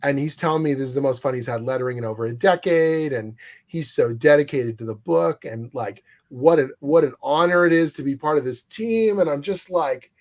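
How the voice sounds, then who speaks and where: Male guest in casual interview, animated storyteller, swears freely. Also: fairly high pitch, fairly quick, hardly any pauses. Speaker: guest comics writer.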